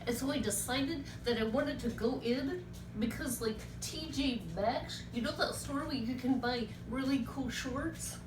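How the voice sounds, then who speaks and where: A woman voicing a sad, lanky young male bird puppet who talks in a soft, whiny, mopey way. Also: sits high, measured pace, noisy background. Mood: hurt. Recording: echoey room, mic at a distance.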